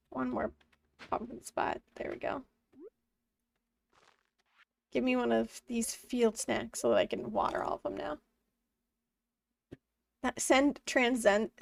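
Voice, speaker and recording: High-voiced twentysomething woman streaming from home, bit of vocal fry, laughing a lot at chat. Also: distant mic. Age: 20s. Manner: chatty, laughs often, talks to chat and the game. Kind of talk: casual live-stream chat while gaming.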